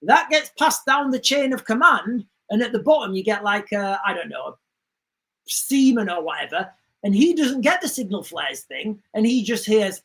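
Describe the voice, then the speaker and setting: A man's voice: very high voice, moderate pace. A man hosting a casual livestream, reading viewer comments and rambling with frequent restarts. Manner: rambling, restarts often, animated asides. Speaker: livestream host.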